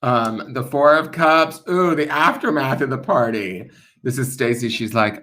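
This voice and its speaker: A man's voice: medium pitch, lively intonation, takes it slowly, sharp tone. A man hosting a casual tarot deck unboxing stream, playful and joking as he goes. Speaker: tarot reader and channel host.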